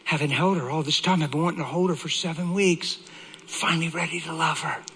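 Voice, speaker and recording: Forceful, husky-voiced preacher man. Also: a little high, brisk, rough recording. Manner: emotional, animated storytelling. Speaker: pastor. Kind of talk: sermon testimony.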